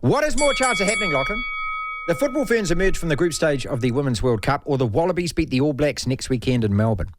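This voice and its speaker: A man hosting sports radio, teasing and quizzing his co-host in lively banter. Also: on the high side, fast talker, noisy background.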